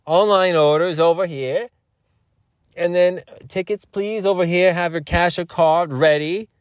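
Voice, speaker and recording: A man's voice: sits high, a little slow, no room sound, clean studio sound, pitched above the performer's own voice. A man voicing an over-polite Renaissance festival greeter in a put-on English accent, talking theatrically in a vocal booth. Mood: cheery officious.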